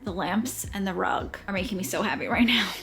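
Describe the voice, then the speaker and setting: Young woman, bright crisp voice, gushy home vlogger, self-aware drama, faint music behind. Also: medium pitch, a little fast. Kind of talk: casual vlog talk to camera. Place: home bedroom, indoors.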